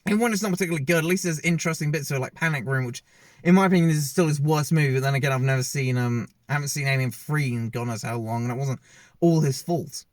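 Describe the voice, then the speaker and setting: A man's voice: a little high, quick pace, no echo. A man giving a casual, opinionated film review, rambling and often correcting himself mid-sentence as he films himself. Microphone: self-filmed camera.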